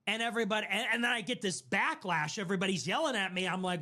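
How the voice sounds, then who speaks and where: On a live stream, a man with a high, light voice riffs quickly in a sharp tone. His rant is casual and sarcastic, and he deliberately pushes provocative lines.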